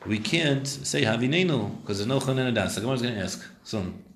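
A man's voice: medium pitch, lively intonation, quick pace, roomy sound, a little hiss or hum. A man teaching a Talmud class, translating Hebrew and Aramaic phrases and questioning his students.

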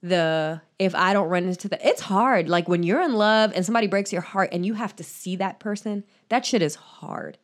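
A woman co-hosting a casual podcast, candid and quick to laugh, swearing freely as she gives advice. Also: mid-range voice. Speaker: podcast co-host.

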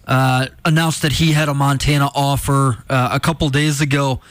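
A man's voice: medium pitch, flat delivery, normal speed, a bit bright, dry recording. A man co-hosting a sports radio show, answering in a matter-of-fact, informative way. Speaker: radio co-host. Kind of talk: casual sports talk.

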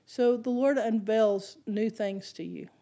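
Animated woman preaching a sermon. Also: takes it slowly. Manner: animated, rising in pitch and volume when stressing points; rhetorical questions to the congregation.

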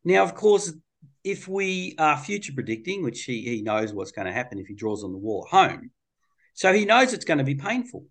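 Animated, colloquial man. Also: fairly high pitch, moderate pace. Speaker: child therapist. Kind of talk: interview storytelling.

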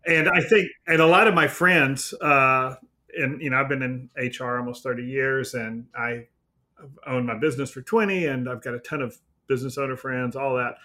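A man's voice: medium pitch, steady tone, normal speed, pushed and bright. A man in his fifties hosting an interview, speaking frankly and directly. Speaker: host. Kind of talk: conversational interview.

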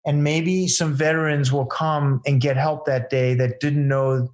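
Male storyteller, slightly high voice, earnest, rambling interview style. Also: little pitch movement, measured pace. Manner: earnest, rambling, many fillers and restarts. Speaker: event founder telling stories to a host.

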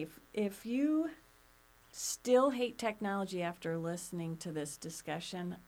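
A woman's voice: mid-range voice, sing-song, slow, fairly bright tone. A woman hosting a business podcast, chatting casually and wrapping up with a friendly sign-off. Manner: friendly, upbeat sign-off with fillers. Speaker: podcast host.

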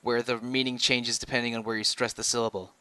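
Man, co-host, chatty, stammering restarts, crisp close sound. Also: medium pitch, flat delivery, fast, bright, forceful tone, dry recording. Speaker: podcast co-host. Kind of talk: casual podcast chat.

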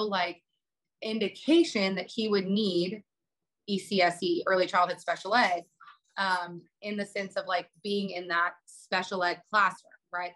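A woman's voice: medium pitch, a bit bright, rough recording. A woman, a podcast co-host telling a story in casual chat, full of fillers and rising sharply when she gets indignant. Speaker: podcast co-host, special education advocate.

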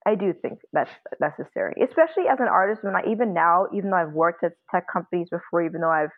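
A woman's voice: fairly low pitch, expressive, fast. Woman guest on a tinny phone-like line. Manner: candid, talks through points with fillers. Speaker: musician and guest. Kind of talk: interview conversation.

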